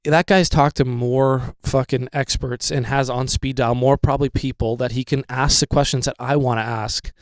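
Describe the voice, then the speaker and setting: A man's voice: medium pitch, steady tone, moderate pace, hardly any pauses, no echo. Rambling, profane young man. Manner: rambling, profane, with many fillers. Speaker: podcast host. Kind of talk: casual podcast monologue.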